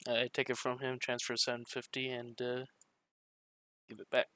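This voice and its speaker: A man's voice: mid-range voice, monotone, normal speed, pushed and bright, no room sound. A man playing a tabletop game casually, describing what his character does. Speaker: player.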